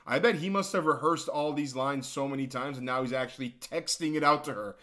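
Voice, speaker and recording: A man's voice: mid-range voice, fairly quick, bright, forceful tone. A young man giving sarcastic, mocking reaction commentary for an online video. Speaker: commentary youtuber.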